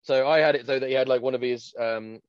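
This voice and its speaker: Fast chatty guy on a podcast, enthusiastic, dull lo-fi mic sound. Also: medium pitch, steady tone, clean tone, no room sound. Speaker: podcast co-host. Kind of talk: casual chat. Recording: muffled lo-fi mic.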